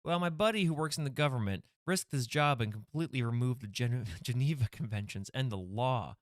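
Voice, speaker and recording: A man's voice: mid-range voice, brisk, no echo, studio quality, close to an everyday voice. A man voicing a smug stage magician who brags in an offhand, nonchalant way in a comedy sketch.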